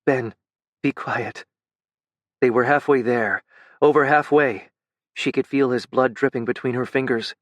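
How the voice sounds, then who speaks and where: A man narrating a dark fantasy audiobook in a measured, intimate way. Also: mid-range voice, steady tone, dry recording.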